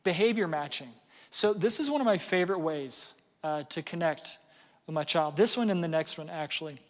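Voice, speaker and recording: Speaking to an audience in a large, reverberant hall, a middle-aged parenting workshop speaker keeps things casual and pokes fun at himself. His fairly high voice is expressive at a moderate pace, peppered with fillers and frequent "right?"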